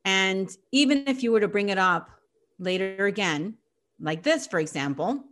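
A middle-aged woman gives a reflective explanatory talk on psychology, measured and gentle, in an expressive mid-range voice. She often pauses with filler phrases.

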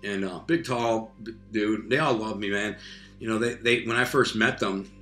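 Man, streetwise storyteller, bright voice, echoey room, faint music behind. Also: lowish voice, moderate pace. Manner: streetwise, animated, acts out voices and sound effects. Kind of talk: casual spoken storytelling.

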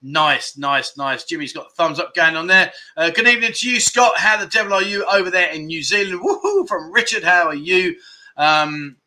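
Bright, chatty male livestream host. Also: sits high, lively intonation, moderate pace. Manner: chatty, reads out viewer comments and greets them by name. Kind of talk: casual livestream chat. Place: in Pattaya, Thailand.

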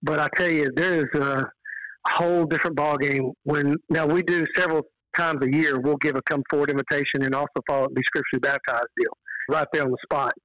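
A man from Texas with a Texan accent, a podcast guest telling stories in an earnest, animated way. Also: on the high side, a little fast, no room sound, low-quality recording. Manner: earnest, animated storyteller who quotes dialogue. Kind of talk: casual storytelling on a podcast.

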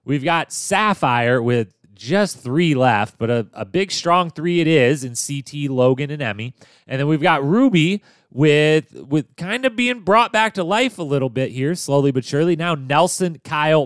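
Chatty male podcast host with a smooth voice. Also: on the high side, expressive, a little slow, dry recording, studio quality. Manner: chatty, upbeat, loose with fillers and restarts. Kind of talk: casual TV recap chat.

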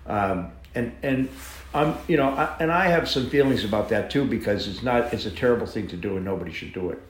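A man being interviewed, telling a long anecdote with lively shifts in voice as he acts out the people in it. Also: on the low side, fairly quick. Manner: animated, acts out dialogue in the story. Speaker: interview guest, horse farm owner. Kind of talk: anecdotal storytelling. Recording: roomy echo.

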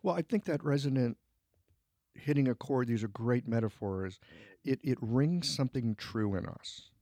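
A man's voice: medium pitch, normal speed, warm tone, no room sound, studio quality. A man co-hosting a podcast, talking in a thoughtful, searching way in casual reflective conversation, acting out his inner voice now and then. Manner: thoughtful, searching, with restarts and acted-out inner quotes. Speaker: podcast co-host.

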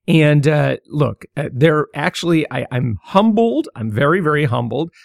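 Male podcast host, middle-aged, gravelly tone, halting delivery full of "uh"s, dry close mic. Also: on the high side, lively intonation, no echo. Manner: stammering, many fillers and restarts. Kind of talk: casual solo podcast talk.

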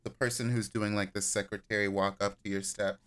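A man talks as a podcast guest in a smooth, bright voice. He jokes and rambles in an animated way. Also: fairly low pitch, a little fast. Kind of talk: casual chat.

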